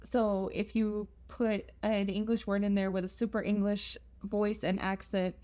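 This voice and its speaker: A woman's voice: mid-range voice, level tone, a little slow, dark tone. A young woman telling a travel story in a chatty, self-deprecating vlog. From United States. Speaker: travel vlogger.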